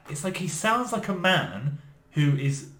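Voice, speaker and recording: A man co-hosting a podcast in casual chat, animated and often searching for his words. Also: a little high, slow pace. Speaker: podcast co-host. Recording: echoey room.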